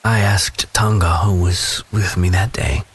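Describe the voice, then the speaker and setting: A man giving a slow, thoughtful Bible devotional, telling personal stories. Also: low voice, fairly even intonation, husky. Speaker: devotional speaker.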